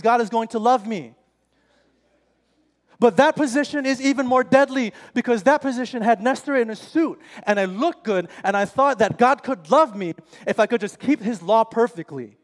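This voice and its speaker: A man in his forties preaching an impassioned, emphatic sermon in a church, often calling his listeners friends. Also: very high-pitched. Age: 40s. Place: church sanctuary. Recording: church hall reverb, faint music.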